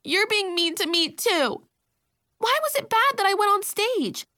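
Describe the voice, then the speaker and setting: Woman voicing a loud, showy little girl. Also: sits high, big pitch swings, moderate pace. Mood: upset. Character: excitable attention-loving young girl.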